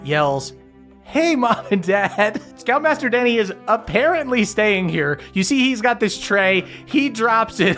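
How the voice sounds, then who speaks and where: A man's voice: high-pitched, sharp tone. A man running a tabletop game as game master, loose and laughing, with casual profanity. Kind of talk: improvised tabletop game narration.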